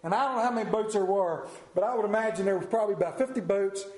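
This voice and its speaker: A man preaches a sermon in a church hall, telling his stories with lively energy and putting on voices for the characters. His voice sits fairly high for a man. The sound rings around an echoey room. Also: rapid-fire. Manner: animated storyteller, acts out voices. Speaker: pastor. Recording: roomy echoing hall.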